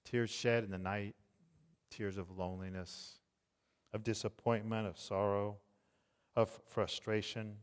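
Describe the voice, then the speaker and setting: A middle-aged man preaching a tender, hushed sermon as pastor. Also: lowish voice, flat delivery, clean tone, in a large hall. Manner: slow, tender, hushed delivery.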